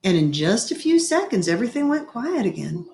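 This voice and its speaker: A woman reading a children's novel aloud in a gentle storytelling manner, slowing down for effect. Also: medium pitch, big pitch swings, gravelly, slight background noise. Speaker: reader. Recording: echoey room.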